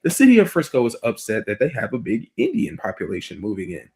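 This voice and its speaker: A man's voice: medium pitch, wildly swooping pitch, fast talker, creaky, a little mellow. A man hosting a podcast, talking bluntly in casual opinion chat and swearing freely. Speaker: podcast host.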